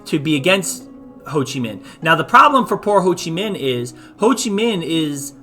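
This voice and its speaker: A man's voice: fairly high pitch, very animated, moderate pace, bright, forceful tone, soft background music. A man, a teacher, giving a loose, joking virtual history lesson with many restarts. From United States.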